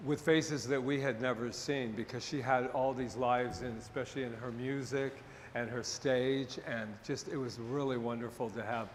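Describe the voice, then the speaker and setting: A man's voice: mid-range voice, steady tone, moderate pace, hardly any pauses. Chatty male minister in a reverberant hall. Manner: chatty and joking, rambles off-topic. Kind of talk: casual talk at a Sunday service. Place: church sanctuary with a congregation. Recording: reverberant hall, faint background noise.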